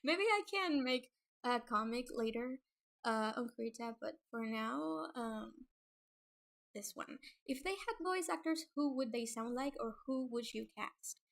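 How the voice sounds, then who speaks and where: A young woman talks through a casual livestream, nervous and prone to giggling, stumbling through fillers and restarts. Her voice sits a little high, and she takes her time between thoughts. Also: lively intonation, unhurried, vocal fry, a bit bright. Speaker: webcomic creator streaming.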